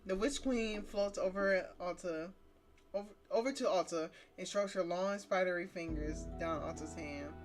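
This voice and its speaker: A woman's voice: fairly low pitch, normal speed. A woman streamer reading a story game aloud, breaking her dramatic narration with blunt, profane reactions. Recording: music playing behind.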